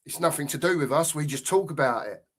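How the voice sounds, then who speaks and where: A man's voice: a little high, expressive, quick pace. A middle-aged man hosting a live football stream, ranting angrily and swearing, often repeating himself. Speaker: podcast host.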